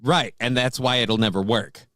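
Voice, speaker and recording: A man's voice: mid-range voice, steady tone, normal speed, sharp tone, dry recording, studio quality. A man hosting a morning talk show, chatting casually in a blunt, profane, joking way. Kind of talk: casual chat.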